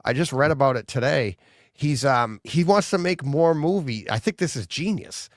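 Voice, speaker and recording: A man co-hosts a podcast in a casual chat, rambling and laughing often. His voice is on the high side with lively intonation and a moderate pace, captured in a clean studio recording with no room sound.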